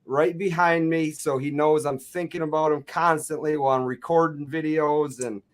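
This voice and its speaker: A man's voice: a little high, steady tone, moderate pace. A man hosting a casual livestream about coin collecting, laid-back and joking, with the odd swear word. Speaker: host of a coin collecting channel.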